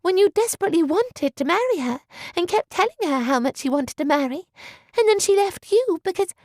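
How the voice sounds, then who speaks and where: A woman reading an audiobook, voicing a shy, sweet teenage girl who talks in a breathless, high, gushing way. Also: normal speed, no room sound, studio quality. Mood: mock indignant.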